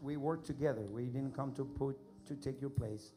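A man's voice: mid-range voice, normal speed. A man preaching at a healing service, urgent and commanding, often repeating himself. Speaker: pastor leading a healing service. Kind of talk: preaching to a congregation. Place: large church hall. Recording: live with music and crowd behind.

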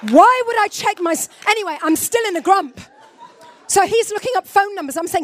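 Woman preaching, high voice, very animated, goes from loud to quiet low asides. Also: fairly quick. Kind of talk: lively sermon.

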